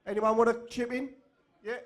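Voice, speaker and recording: Rousing high-voiced man addressing a meeting. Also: flat delivery, brisk. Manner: rousing, asks the floor. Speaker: meeting organiser. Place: meeting room.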